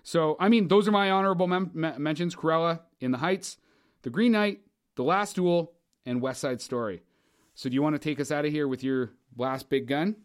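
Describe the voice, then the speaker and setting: A man co-hosting a casual podcast chat, animated and excitable, swearing freely as he talks. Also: fairly high pitch, moderate pace. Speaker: podcast co-host.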